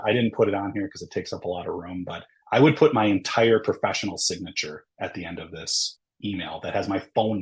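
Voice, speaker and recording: This fairly low-voiced man is teaching a webinar, and the audio quality is poor. He chats his way through each step, filling gaps with ums and uhs and often pausing to ask "right?"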